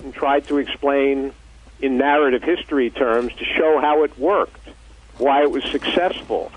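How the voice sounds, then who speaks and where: An older man in his seventies, an author guest on a phone interview, explaining in a measured, thoughtful way. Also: medium pitch. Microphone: telephone. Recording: phone line.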